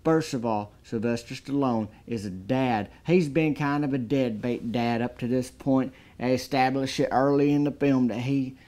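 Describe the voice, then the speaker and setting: A man giving a deadpan comedic movie review, talking in a folksy drawl and building up exaggerated hype. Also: medium pitch, normal speed, few pauses.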